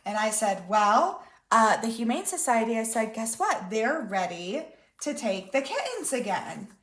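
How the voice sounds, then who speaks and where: Woman, mother, casual vlog storytelling, animated pitch, higher voice, roomy echo. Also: unhurried. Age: adult mother of school-age daughter. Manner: chatty, lots of "like" and quoted dialogue. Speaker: vlogger.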